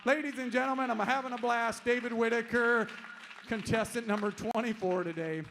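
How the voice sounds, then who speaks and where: A man competing as an auctioneer, calling bids in a fast rhythmic chant on stage. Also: very high-pitched, fairly even intonation, a bit bright, slight background noise. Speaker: auctioneer contestant. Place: large event stage.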